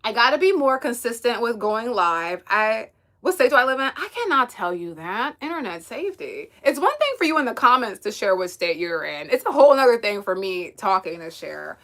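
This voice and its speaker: A woman's voice: on the high side, sing-song, moderate pace, fairly bright tone. A young woman from the US East Coast hosting a casual livestream, chatting and giggling as she reads viewer comments aloud. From United States, East Coast. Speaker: livestream host.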